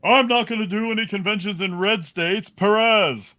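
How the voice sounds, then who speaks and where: A man's voice: high-pitched, normal speed, pushed and bright. A man narrating a comic book aloud and playing with name puns. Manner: playful, punning over names.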